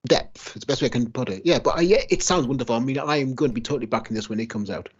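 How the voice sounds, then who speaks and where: A man's voice: medium pitch, rapid-fire, breathy edge, dull audio. A man co-hosting a podcast in casual chat, telling chatty anecdotes. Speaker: podcast co-host.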